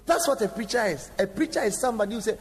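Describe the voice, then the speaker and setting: A man preaching a sermon, telling stories with sudden shouts, acted quotes and direct questions to the congregation. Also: high-pitched, animated, rapid-fire. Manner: engaging the audience with direct questions. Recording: long hall reverb, faint background noise.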